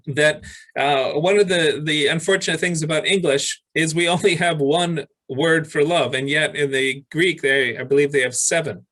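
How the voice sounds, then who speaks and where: A man's voice: a little high, fairly even intonation, fairly bright tone, rough recording. Man preaching a sermon. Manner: reads scripture aloud with pauses and restarts. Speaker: pastor.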